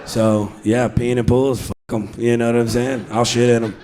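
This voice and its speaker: A man's voice: mid-range voice, little pitch movement, normal speed, a little mellow, a little hiss or hum. A man doing an improvised stand-up set on a comedy club stage, crude and rowdy, laughing through his jokes into a handheld mic. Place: comedy club stage before a live audience.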